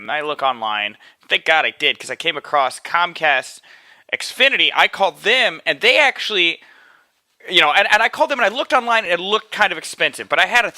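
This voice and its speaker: A man's voice: medium pitch, no room sound. A young man hosting his own show alone from his apartment, ranting profanely about a phone call and acting out the people on the line. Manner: profane, animated, acts out phone calls in quoted voices. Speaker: podcast host. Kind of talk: casual ranting monologue.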